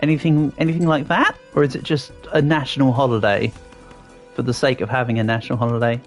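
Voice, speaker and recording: A man's voice: medium pitch, steady tone, fast, soft background music. An Englishman with a fairly posh accent, chatting playfully with his chat while streaming a game, with lots of ums and restarts. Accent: English, fairly posh southern English. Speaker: livestreamer reading chat. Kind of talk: casual livestream chat while gaming.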